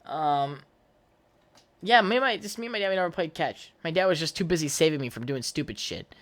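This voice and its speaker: A man's voice: a little high, expressive, fairly quick, fairly bright tone. A young man hosting his own podcast, telling stories from his childhood in a rambling, profane way, full of fillers and restarts. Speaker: podcast host. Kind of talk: casual solo podcast storytelling.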